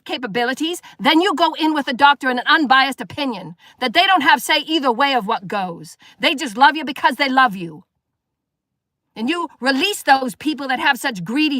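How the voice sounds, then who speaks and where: Woman, live spiritual sermon, emphatic preaching, rhetorical questions, high bright voice, dry close sound. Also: no echo. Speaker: spiritual teacher.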